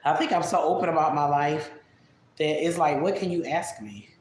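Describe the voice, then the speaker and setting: A hoarse woman hosting a livestream, candidly answering viewer questions in casual chat. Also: deep voice, moderate pace, a little mellow, reverberant. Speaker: livestream host.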